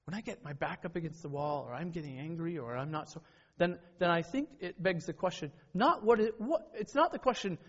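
A man's voice: on the high side, expressive, fairly quick, fairly bright tone, husky. A middle-aged man preaching a sermon in an earnest, conversational way, with personal stories and frequent self-corrections. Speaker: pastor. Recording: dull lo-fi sermon recording.

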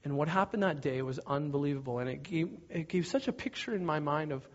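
A man preaching, telling a story in an animated way and shouting out parts of it. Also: a little high, brisk. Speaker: pastor. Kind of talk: sermon storytelling. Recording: dull lo-fi recording.

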